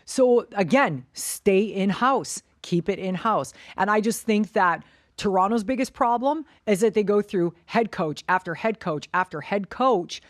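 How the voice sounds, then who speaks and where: A woman's voice: mid-range voice, animated, measured pace, no room sound, studio quality. Blunt, opinionated woman talking hockey. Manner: blunt, opinionated, swears freely. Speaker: podcast co-host. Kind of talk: casual sports chat.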